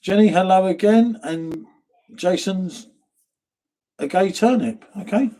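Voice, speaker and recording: Slow and high-pitched yet dark in tone, a middle-aged man with a southern English accent from near London hosts a laid-back live stream from a pub setting. He's chatty, reads viewer comments aloud, and uses "mate" a lot; he's from England.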